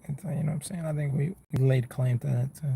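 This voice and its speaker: A man's voice: medium pitch, fairly even intonation, quick pace, gravelly, mellow, slightly rough. A man, chatting casually with his viewers on a live stream from his car, laid-back and rambling, calling people bro and man. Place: inside a car.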